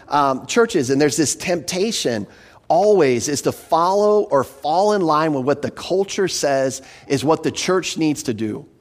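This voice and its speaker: Earnest man preaching an expository sermon. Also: on the high side. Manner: earnest, emphatic, repeats words when starting a phrase. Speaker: pastor.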